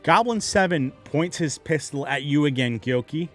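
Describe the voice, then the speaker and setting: A man narrating a tabletop game as game master, animated and quick to laugh. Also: on the high side, faint music behind.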